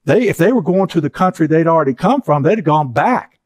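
A man's voice: fairly high pitch, lively intonation, a little fast, no room sound. A middle-aged man giving an earnest teaching session, repeating key phrases for emphasis.

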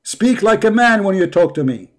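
High-pitched man, mocking reaction commentary. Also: expressive, moderate pace. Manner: mocking, sarcastic. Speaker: host. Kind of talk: reaction commentary on a debate clip.

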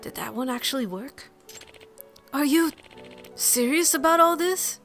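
A woman records gaming commentary, voicing the characters' lines herself and then dropping into quiet asides between them. Her voice sits a little high, and soft game music plays underneath. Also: animated, a little slow, long pauses. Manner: reads game text aloud with playful asides and mutters. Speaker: let's play streamer. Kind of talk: gaming commentary and reading game dialogue aloud.

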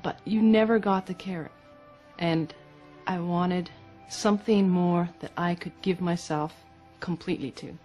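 A woman in her fifties tells her story in a reflective, unhurried way, pausing to find her words. Her voice sits a little low. Faint music plays behind her. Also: fairly even intonation, a little mellow. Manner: thoughtful, slow, searching for words. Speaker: interviewee. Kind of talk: reflective personal account.

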